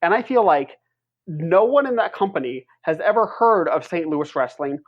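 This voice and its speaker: A man's voice: on the high side, lively intonation, normal speed, muffled recording. A man co-hosting a wrestling podcast in a casual chat, ranting heatedly and swearing as he talks.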